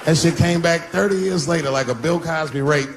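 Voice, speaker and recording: A man in his fifties doing a stand-up routine on stage, swinging from loud bursts to low mutters. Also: brisk. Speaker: stand-up comedian. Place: stage before a live audience. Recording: live show with loud crowd noise. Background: audience laughter.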